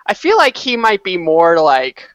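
A man's voice: high voice, huge pitch swings, unhurried, a bit bright, smooth, no room sound. A man co-hosting a podcast, telling stories in wry, casual banter. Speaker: podcast co-host.

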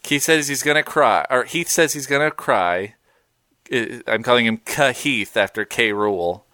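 A man's voice: medium pitch, unhurried, no room sound, studio quality. A man co-hosting a podcast, bantering casually and laughing easily. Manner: animated, joking, laughs easily. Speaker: podcast co-host.

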